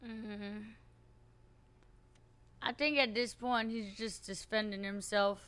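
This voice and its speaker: A woman's voice: mid-range voice, steady tone, slow pace, fairly bright tone, clean tone. A woman roleplaying a blunt, playful frontier woman, talking in a drawling rural dialect with a teasing edge. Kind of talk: in-character roleplay.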